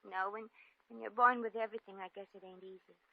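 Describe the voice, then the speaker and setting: A woman's voice: medium pitch, steady tone, quick pace, creaky. An actress playing a young, streetwise American shop girl with slangy, wisecracking speech in a 1940s radio drama. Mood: wistful. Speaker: lead actress. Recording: lo-fi vintage radio recording.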